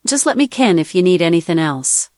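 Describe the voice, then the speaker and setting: A woman's voice: lowish voice, fairly quick, no room sound, clean studio sound. A synthetic woman's voice putting on a light Scottish accent as a cheerful helpful assistant. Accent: Scottish, put on. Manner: even, helpful phrasing with dialect words.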